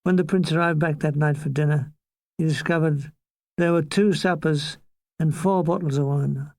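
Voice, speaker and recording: A man's voice: a little high, steady tone, creaky, a little mellow, dry recording. An older man reading his own war memoir aloud in a dry, comic storytelling manner. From Ireland. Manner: dry comic storytelling, quick asides and mock voices. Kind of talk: memoir narration.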